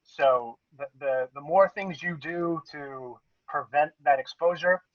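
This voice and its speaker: A man's voice: on the high side, takes it slowly, no echo, lo-fi sound. A man co-hosting a podcast, explaining things at length in casual chat with many restarts. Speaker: podcast co-host.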